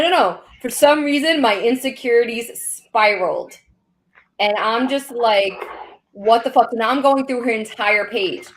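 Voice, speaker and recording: A woman co-hosting a live podcast, telling personal stories in casual, animated chat. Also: medium pitch, low-quality recording. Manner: animated storytelling with laughs. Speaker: podcast co-host. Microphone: studio podcast mic.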